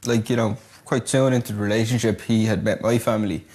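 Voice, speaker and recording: A man with a fairly low voice speaks in a documentary interview. He is soft-spoken and thoughtful. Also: steady tone, fast talker, a little hiss or hum.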